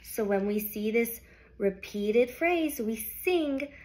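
Woman teacher, young adult, sing-song read-aloud, slow and unhurried. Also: lively intonation, a little mellow. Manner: slow, sing-song storybook reading with big pitch swings. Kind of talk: reading a picture book aloud to young children.

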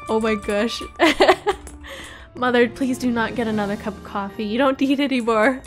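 Bubbly female roleplay host, high voice, lots of squealing laughs. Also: slow pace, long pauses, soft background music. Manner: giggly, excitable, with squealing high laughs and shouts. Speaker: roleplay host playing the mother. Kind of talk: playing a family roleplay game.

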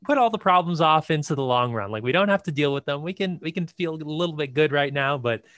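A man's voice: on the high side, lively intonation, fast talker, a bit bright, no echo. A man hosting a podcast in casual conversation, rambling and hesitant as he searches for words. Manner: rambling, hesitant, many fillers like "like". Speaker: podcast host.

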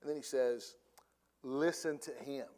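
A man with an Oklahoma accent preaching a sermon in a church, acting out the people he quotes and dropping to a quiet, low voice for solemn points. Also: measured pace. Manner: animated preaching, acts out quoted speakers. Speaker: pastor. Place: church sanctuary.

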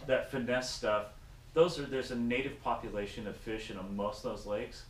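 Casual male angler, lively storyteller, roomy sound from a distance off the mic. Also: mid-range voice, normal speed. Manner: animated storyteller, acts out voices. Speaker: guest angler. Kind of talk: casual fishing chat. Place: in a car on the road. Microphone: action camera. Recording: echoey and distant, faint noise.

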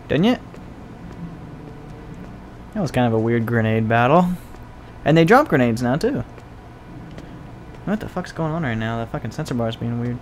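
A young man commentating his own gameplay, excitable, joking and swearing as he plays. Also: mid-range voice, normal speed, long pauses, a little hiss or hum. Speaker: let's play gamer. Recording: game music behind the voice. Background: game music.

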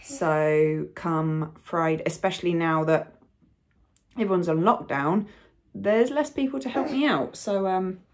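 A woman's voice: lowish voice, a little slow, slight background noise. A young woman in a casual vlog, talking frankly and a little wearily, rambling with fillers and the odd swear word. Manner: rambling, frank, sweary, talks in baby voice to her child. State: unwell, hiccups. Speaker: vlogger.

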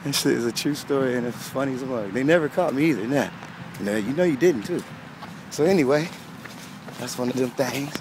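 A middle-aged man telling stories in a casual vlog while walking his old high school track, animated and slangy, laughing often. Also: brisk. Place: outdoors at a school track and field. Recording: faint outdoor background noise.

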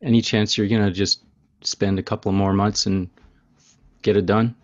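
A man's voice: on the low side, level tone, normal speed, highs cut off. A man hosting a podcast, telling a story in an easygoing way with fillers. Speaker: podcast host. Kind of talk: casual interview chat.

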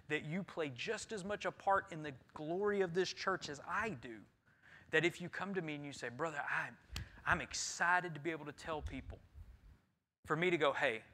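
Forceful, bright-voiced man preaching. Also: a little high. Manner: swings from loud emphatic preaching to quiet earnest talk. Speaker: pastor. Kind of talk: sermon. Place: church sanctuary.

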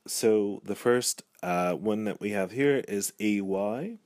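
A man's voice: lowish voice, slow pace, a little mellow, dry recording, studio quality. A man giving a pronunciation lesson, speaking patiently and repeating each example word. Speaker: language teacher. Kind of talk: pronunciation tutorial.

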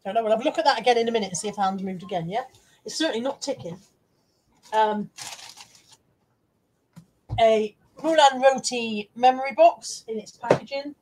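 A woman's voice: fairly high pitch, a little fast, long pauses, darkish tone. A woman hosting a casual live stream, chatting to her viewers and reading out their comments, self-deprecating and swearing now and then.

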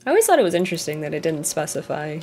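A woman giving casual let's-play commentary, giggly and excitable, peppering her talk with "like". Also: deep voice, very fast. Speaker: gaming video host.

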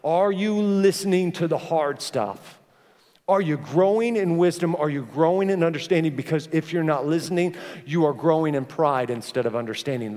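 A middle-aged pastor with a high voice preaches to his congregation, mixing lively stories with pointed questions. His words ring out through a large church auditorium with a long, trailing reverb. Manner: animated storytelling with direct questions to the congregation. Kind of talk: sermon.

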